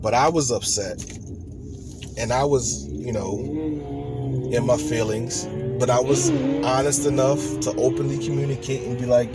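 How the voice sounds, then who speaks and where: A man's voice: medium pitch, fairly even intonation, normal speed, over loud music. A man vlogging relationship advice in an earnest, rambling, conversational way. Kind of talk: casual direct-to-camera talk.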